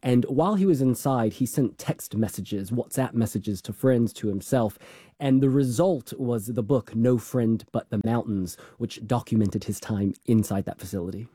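A man contributing thoughtful, measured commentary on a radio arts show. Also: mid-range voice, dark tone, husky, no echo, studio quality. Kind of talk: conversational commentary.

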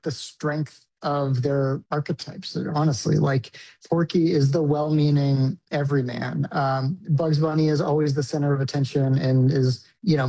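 A man's voice: on the high side, mellow, poor audio. A man, a film director, answering interview questions casually, with fillers like "like" and "you know". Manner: casual, with filler words and restarts.

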